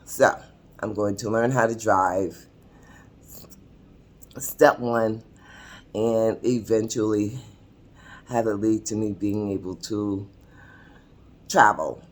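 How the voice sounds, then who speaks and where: A woman in her sixties, a vlogger seated at a table indoors, tells her own story to the camera in a chatty, confiding way, often laughing mid-sentence. Her voice is bass and steady, slow, with long pauses.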